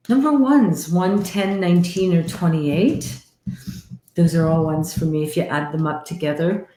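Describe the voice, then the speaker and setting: A woman from Canada hosts a live-stream card reading as a psychic medium. She talks in a chatty, animated way and laughs often, her voice sitting fairly low. The sound carries a roomy echo.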